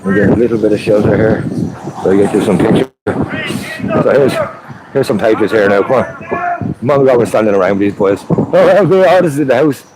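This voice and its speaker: A man's voice: on the low side, wildly swooping pitch, a little fast. An Irish man livestreaming outdoors in hail and strong wind, chatting to his viewers. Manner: chatty, addresses viewers as lads. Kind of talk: live street vlog. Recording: very loud wind noise on the mic.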